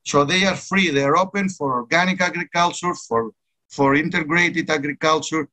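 Earnest bright-voiced man presenting at a conference. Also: a little high, fairly even intonation, moderate pace. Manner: earnest, emphatic, repeats key words. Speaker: conference speaker.

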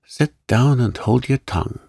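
A man voicing a stern, curt farmer uncle who brooks no opposition, in a calm bedtime story reading. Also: mid-range voice, unhurried, vocal fry, husky, no room sound, studio quality, heavily acted.

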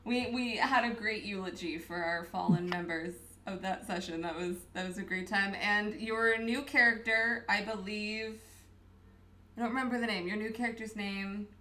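A woman's voice: mid-range voice, fairly even intonation, normal speed, sharp tone. A woman hosting a casual livestream chat in a bubbly way, laughing often. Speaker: host.

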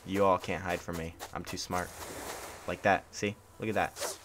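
Young male streamer, low-pitched, tired and sarcastic, noisy home recording. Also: little pitch movement, moderate pace, fairly bright tone. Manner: sarcastic, grumbling mock indifference. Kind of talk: casual live-stream gameplay commentary. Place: hot room at home.

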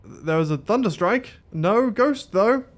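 A man talking through a video game in loose, casual commentary. His voice sits fairly high for a man, and he keeps up a dry, sarcastic, self-mocking tone with plenty of swearing. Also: lively intonation, a little slow. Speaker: gaming YouTuber.

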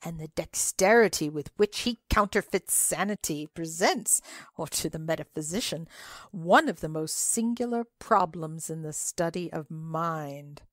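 A woman playing a courtly older gentleman director, grand and emphatic, excitable, storybook reading, dry sound. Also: low-pitched, measured pace, no echo. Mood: confiding. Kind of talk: dramatic reading of a classic story.

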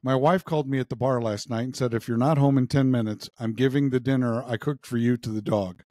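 A man's voice: fairly even intonation, brisk, warm tone, no room sound. A man co-hosting a podcast, telling jokes in casual chat and lifting his voice playfully for the characters. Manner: retells jokes with playful pitch shifts for characters. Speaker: podcast co-host.

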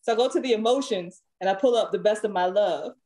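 A woman singer, a guest on a podcast, chatting casually and telling lively stories full of laughter and acted-out quotes. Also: medium pitch, fast talker. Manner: lively storyteller, laughs often, acts out quotes.

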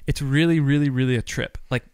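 A man in his thirties co-hosting a casual podcast chat, lively storyteller who acts out his children's voices. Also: medium pitch, fairly quick, clean tone, no echo. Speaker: podcast co-host.

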